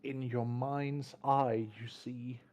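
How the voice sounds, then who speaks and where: A man narrating as game master in a tabletop game, slow and descriptive, often restarting his words. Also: medium pitch, little pitch movement, darkish tone. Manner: deliberate, descriptive, with frequent restarts.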